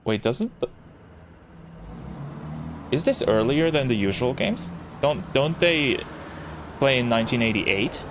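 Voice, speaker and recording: A man's voice: takes it slowly, pauses often, noisy background. A man from Germany streaming a visual novel, rambling to chat and reading the game text aloud. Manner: rambling and chatty, answering chat, with excited jumps in pitch.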